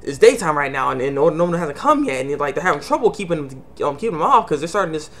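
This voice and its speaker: A man's voice: fairly high pitch, very animated, rapid-fire, fairly bright tone. A man casually recapping an anime episode, rambling with many fillers and restarts. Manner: acts out characters' lines in quotes. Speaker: anime reviewer.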